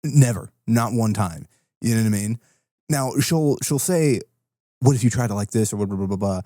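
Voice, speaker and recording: A man's voice: fairly low pitch, normal speed, mellow, no echo, clean studio sound. A man co-hosting a podcast in casual chat, ranting with plenty of swearing and laughter. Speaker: podcast co-host.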